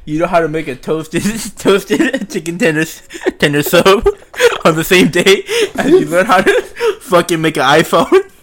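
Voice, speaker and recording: A man's voice: high voice, very animated, fairly bright tone. A young man co-hosting a casual podcast, giggling and stumbling over his words while he jokes. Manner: giggly, halting, repeats himself while joking. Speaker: podcast co-host.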